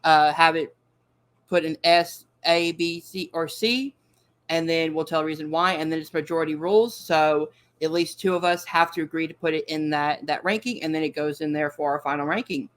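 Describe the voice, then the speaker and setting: A man's voice: a little high, fairly even intonation, moderate pace, a bit bright. A man hosting a casual chat show, upbeat and eager, with frequent fillers. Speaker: podcast host.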